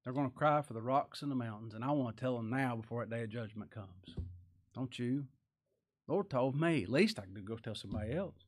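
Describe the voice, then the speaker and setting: Man preaching a sermon, loud then hushed. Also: fairly quick. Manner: animated preaching that swings between loud emphatic lines and low quiet asides; folksy plain-spoken grammar, reads scripture aloud.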